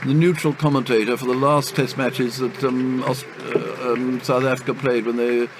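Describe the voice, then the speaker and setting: Gravelly older raconteur. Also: male voice, mid-range voice, flat delivery, moderate pace, noisy background. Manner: chuckling raconteur, full of hesitant ums and uhs. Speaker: cricket commentator, interview guest. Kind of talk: anecdotal interview storytelling.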